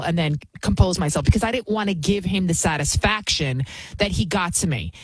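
A woman's voice: mid-range voice, husky, no room sound, poor audio. A middle-aged woman hosting her own show, giving emphatic, indignant commentary and repeating points for stress. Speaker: show host. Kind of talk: opinionated commentary.

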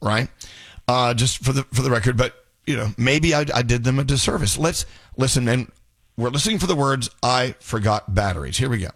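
A man's voice: medium pitch, brisk, dry recording. A man hosting a radio show in casual banter, joking and restarting his sentences. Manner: animated, joking, stammering restarts.

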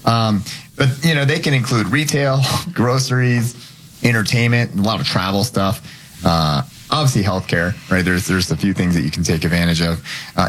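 A man in his fifties, a financial advisor guest on a talk show, joking and laughing as he talks. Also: on the low side. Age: 50s. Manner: joking, laughs while talking. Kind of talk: casual talk show chat.

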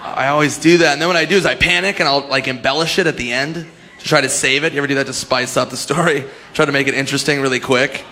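A man's voice: medium pitch, fast talker, sharp tone, a little hiss or hum. A man doing a stand-up comedy set, telling a story and mimicking his friends.

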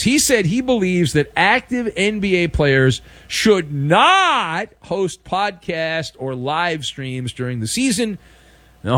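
A man hosting a daily sports talk show, delivering sarcastic, mocking commentary with animated emphasis. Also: high voice, no echo.

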